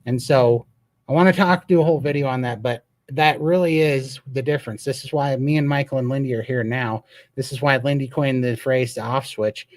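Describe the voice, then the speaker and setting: A man's voice: mid-range voice, steady tone, brisk, dry recording. Earnest man hosting a live Q&A. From Montana, USA. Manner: earnest and emphatic, with a storytelling streak. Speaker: host. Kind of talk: live Q&A chat.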